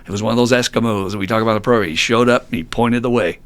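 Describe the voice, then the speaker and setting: A man's voice: fairly low pitch, racing. A man hosting a recovery podcast who tells a candid personal story in a blunt, self-mocking way, swearing freely and laughing often. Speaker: podcast host.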